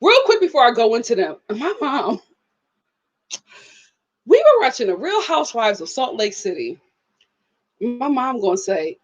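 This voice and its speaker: Animated high-voiced woman reviewing TV. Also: a little slow, pauses often, highs cut off. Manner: animated, slangy, outspoken. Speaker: reality TV reviewer and channel host. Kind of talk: casual live review chat.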